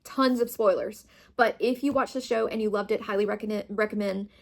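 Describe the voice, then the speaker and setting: A woman's voice: mid-range voice, steady tone, brisk, gravelly. A young woman chatting casually about books she read, gushing and enthusiastic. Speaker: booktube host. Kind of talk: casual reading wrap-up chat.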